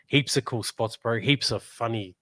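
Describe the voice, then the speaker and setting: A man's voice: mid-range voice, normal speed, fairly bright tone, no echo. A man with a New Zealand accent, a musician guest chatting casually, laid-back, laughing often and saying "bro" a lot. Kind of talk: casual chat.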